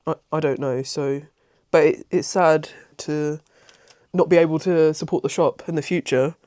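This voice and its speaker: A woman's voice: sits low, fairly even intonation, normal speed, warm tone, dry recording, clean studio sound. A woman vlogging at home in a casual, rambling chat, emotional and easily moved, often breaking off and restarting. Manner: rambling and self-interrupting. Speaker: craft vlogger.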